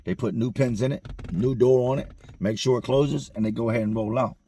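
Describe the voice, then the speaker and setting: Husky man telling a street story. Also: medium pitch, steady tone, fairly quick, warm tone. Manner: slangy, street vernacular, conversational asides. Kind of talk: casual storytelling.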